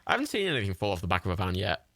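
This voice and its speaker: A man giving sweary, excitable, rambling commentary while streaming a game live. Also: deep voice, very fast, vocal fry, dry recording.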